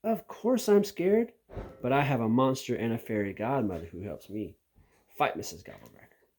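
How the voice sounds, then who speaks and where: A man voicing an excitable, imaginative little girl, reading a children's storybook aloud in a high, bright telling. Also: normal speed. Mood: earnest.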